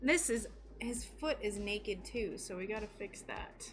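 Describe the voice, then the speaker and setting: A woman's voice: medium pitch, animated, a little slow, over music. An American woman livestreaming her stained glass craft, chatting casually and giggling as she greets viewers.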